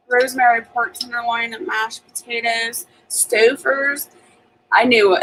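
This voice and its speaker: A woman's voice: fairly high pitch, steady tone, slow, a bit bright, slight background noise, poor audio. A woman hosting a homestead channel, chatting casually on a live stream from her home kitchen and laughing often as she reads viewer comments.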